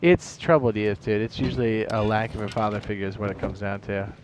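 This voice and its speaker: A man's voice: fairly low pitch, fairly even intonation, a little fast, noisy background. A tired man chatting casually while streaming a game, rambling and swearing, laughing at his own jokes.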